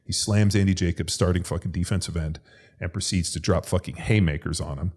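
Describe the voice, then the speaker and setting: A man with a very low voice tells a story in casual podcast chat. He swears constantly and talks in an animated way. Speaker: podcast co-host, former NFL lineman.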